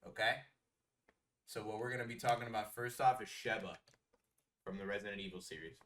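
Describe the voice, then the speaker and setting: Animated slangy young man, bright voice. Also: fairly low pitch, fairly quick, far from the mic. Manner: animated, slangy, repeats himself for emphasis. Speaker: podcast co-host. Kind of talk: casual podcast chat.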